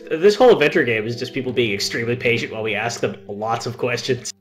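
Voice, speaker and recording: A man's voice: mid-range voice, fast, music in the background. Wry joking man commentator. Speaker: podcast co-host. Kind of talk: let's play commentary.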